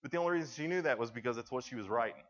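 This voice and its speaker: A young male youth speaker talks to junior high students in a loose, storytelling way, often restarting his sentences. His voice sits at a middle pitch for a man. The recording sounds dull and slightly lo-fi. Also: lively intonation, racing, fairly bright tone, big-room sound. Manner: conversational storytelling with frequent restarts.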